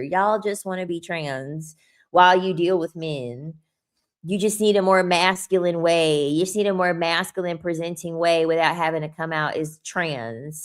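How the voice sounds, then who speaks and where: A young woman vlogging a blunt, profane, mocking rant to the camera. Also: fairly low pitch. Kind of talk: ranting commentary.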